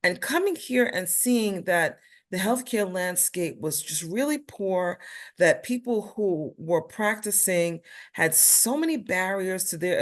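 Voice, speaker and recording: A woman with a New York accent, a nurse and health policy advocate, talking as a guest in an interview, emphatic and playful when she tells a story. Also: mid-range voice. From Brooklyn, New York. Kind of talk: panel interview conversation.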